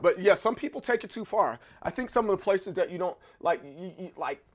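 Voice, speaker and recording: A man in his thirties with a high voice and lively intonation hosts a livestream, speaking a little fast. He chats casually through viewer comments, often pausing to repeat words as he thinks aloud.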